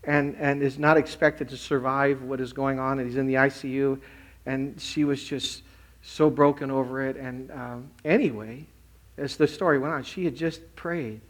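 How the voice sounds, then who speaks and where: A man, a pastor, preaching a Christmas sermon and retelling stories with animated quoted voices. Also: medium pitch, normal speed. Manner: animated storytelling, acting out quotes.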